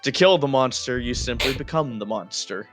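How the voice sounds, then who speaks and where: A man's voice: medium pitch, moderate pace, over music. A man chatting enthusiastically as a player in a tabletop game's setup session, laughing often. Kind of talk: casual chat before a tabletop game.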